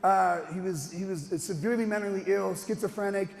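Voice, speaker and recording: A man telling a personal story on stage. He is animated and rambling, with restarts and bursts of laughter. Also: sits high, brisk, big-room sound.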